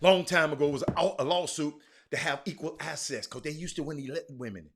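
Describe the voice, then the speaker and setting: A man's voice: fairly high pitch, brisk, noisy background. A man hosting a live-streamed sports talk show, ranting emphatically, repeating himself and calling out to his viewers. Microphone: streaming mic.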